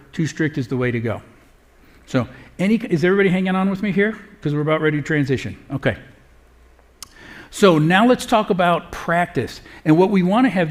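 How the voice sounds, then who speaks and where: Middle-aged guy talking parenting to a crowd, earnest, chatty, lots of uhs, voice sits a bit high. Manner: earnest and conversational, with frequent "uh" fillers. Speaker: parenting speaker. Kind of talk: live talk to an audience.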